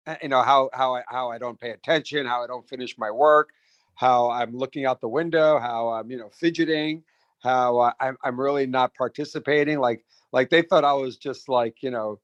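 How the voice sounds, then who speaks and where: A middle-aged man telling stories in a casual interview, animated, with many restarts and repeated words. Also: mid-range voice, normal speed, dry recording, muffled recording. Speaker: restaurant founder and guest.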